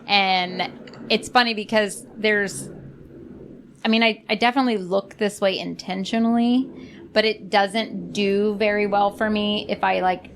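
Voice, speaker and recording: Creaky-voiced woman podcast host. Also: medium pitch, fairly even intonation, a little slow, slight background noise. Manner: chatty, blunt, many fillers and restarts; sarcastic about politicians. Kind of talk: casual podcast chat.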